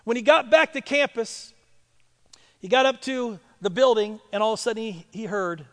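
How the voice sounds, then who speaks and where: A male pastor telling a story in a sermon and building to loud, emphatic preaching. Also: high voice, normal speed, long reverb tail.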